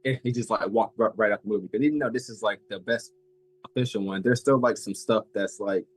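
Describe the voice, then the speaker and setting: An eighteen-year-old man chatting casually as a collector guest, halting and filling every pause with "like". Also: on the low side, husky, no echo, poor audio. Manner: halting, fills with "like" a lot. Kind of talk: casual chat.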